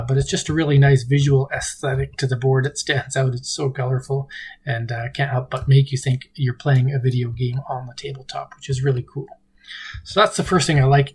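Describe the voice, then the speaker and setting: A man hosting a board game channel, giving a casual game preview with a relaxed manner and frequent ums and uhs. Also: mid-range voice, breathy edge.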